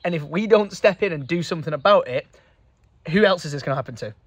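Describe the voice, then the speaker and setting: A man's voice: on the high side, expressive, quick pace, no echo. A young man, talking casually and emotionally to camera in a vlog, earnest and full of fillers. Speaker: vlogger.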